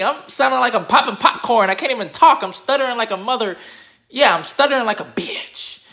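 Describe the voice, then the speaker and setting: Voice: medium pitch, fairly quick, fairly bright tone. A YouTuber ranting casually to subscribers into a phone camera, slangy, joking and swearing a lot. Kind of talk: casual vlog rant.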